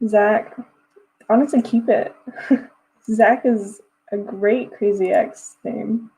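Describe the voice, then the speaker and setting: A young woman chats casually with viewers on a writing livestream, reading comments, giggling often and speaking in loose phrases she restarts. Her mid-range voice is mellow and slightly rough, fairly even and slow, on a low-quality recording.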